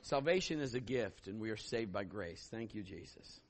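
A middle-aged man preaching a sermon as pastor, telling stories and acting out voices with sudden loud bursts. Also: on the low side, expressive, moderate pace.

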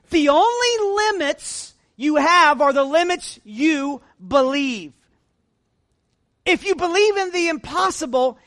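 A middle-aged man preaches a sermon, moving from hushed asides to the congregation up to loud, punchy exhortations. He jokes at his own expense and keeps it conversational. The sound is close and dry, with no room around it. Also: very high-pitched, no echo. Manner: animated preaching with big swings between quiet asides and loud emphatic lines; self-deprecating humor, chatty asides to the congregation. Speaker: pastor.

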